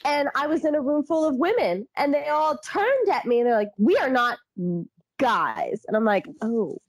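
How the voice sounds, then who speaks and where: A woman from the Midwest with a Midwestern accent, co-hosting a podcast and telling animated stories with frequent laughter. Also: sits high, fairly quick, dry recording. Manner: animated storyteller, laughs often. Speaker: podcast co-host. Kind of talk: casual chat.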